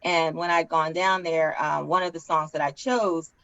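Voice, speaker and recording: A woman singer and co-host on a video call, telling a story earnestly, with halting starts. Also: low-pitched, steady tone, fairly bright tone, dull audio. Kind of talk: casual panel chat.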